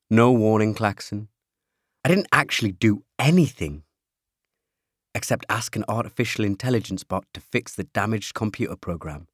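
A man reading an audiobook aloud, telling the story in first person with lively timing. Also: on the low side, no room sound, clean studio sound. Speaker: audiobook narrator. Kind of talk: scripted audiobook narration.

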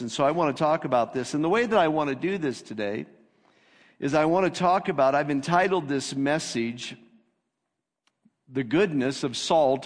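A man preaching a sermon as pastor, reading scripture with rising emphasis. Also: mid-range voice. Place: church sanctuary. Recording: long reverb of a church hall.

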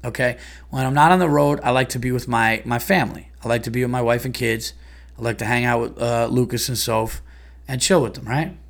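A man's voice: mid-range voice, fairly even intonation, a little fast, vocal fry. A comedian and podcast host ranting in a heated, profane, exasperated monologue about his day.

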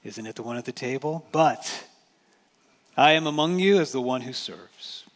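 A man's voice: mid-range voice, expressive, normal speed. A man preaching a sermon as pastor, talking to the congregation in a conversational way and asking rhetorical questions. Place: church sanctuary. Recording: church hall reverb.

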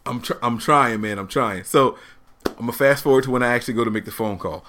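A man in his thirties telling a family story on a casual talk show, animated and laughing often as he acts out the people in it. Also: mid-range voice, fast, a little hiss or hum. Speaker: podcast host telling a story.

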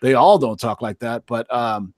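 A man's voice: mid-range voice, moderate pace, a little mellow, dry recording, clean studio sound. A man chatting casually on a podcast, rambling and swearing freely with lots of filler words. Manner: rambling and profane, lots of "you know" fillers. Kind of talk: casual chat.

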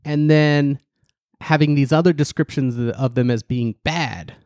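A man co-hosting a casual political podcast, ironic and animated, restarting sentences and mocking the people he quotes. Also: measured pace, no echo, studio quality. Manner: animated, ironic, restarts and leaps in pitch for emphasis. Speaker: podcast co-host.

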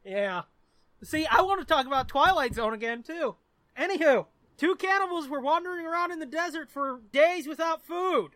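A man's voice: extremely high pitch, expressive, normal speed, bright, forceful tone, dry recording. A man co-hosting a podcast in casual chat, swearing freely, laughing often and telling jokes. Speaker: podcast co-host.

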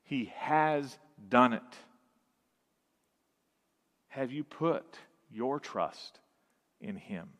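Slow, emphatic pastor in a reverberant hall. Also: male voice, medium pitch, expressive. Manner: emphatic, dramatic pauses, drops to a hush then swells. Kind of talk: sermon. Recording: long reverb of a large hall.

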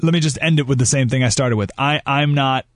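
A man's voice: medium pitch, quick pace, dry recording, studio quality. A man hosting a talk radio show, giving emphatic commentary full of rhetorical questions.

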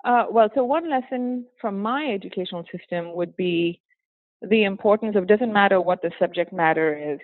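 A Singaporean woman, a former teacher, chats animatedly as a guest in a casual interview, laughing often and slipping into acted-out quotes. Her hybrid accent has a hint of British, her pitch is medium and her pace normal. The line sounds tinny and phone-like, completely dry.

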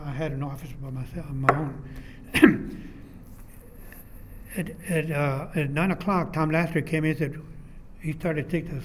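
Older man telling animated stories. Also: on the high side, background noise. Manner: rambling, animated storyteller who acts out quoted dialogue. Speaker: retired architectural designer. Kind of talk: oral history interview.

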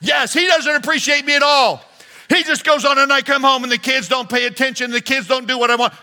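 A man's voice: very high-pitched, bright, forceful tone, pitched above the performer's own voice, exaggerated voice. A man putting on a frazzled complaining wife. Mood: exasperated. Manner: rapid exasperated rant.

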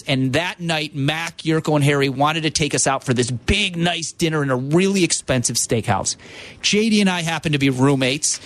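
A man who works as a radio producer, telling animated stories about a late friend on a sports talk show. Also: fairly high pitch. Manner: animated storyteller, quotes friends in their voices.

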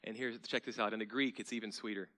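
A man pastor preaching a sermon in a church, conversational and then emphatic, sometimes dropping to a soft hush. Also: on the low side, fairly even intonation, fast talker.

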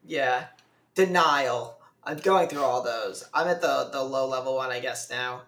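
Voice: medium pitch, unhurried, fairly bright tone. Easygoing podcast co-host in an echoey room. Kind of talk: casual podcast chat.

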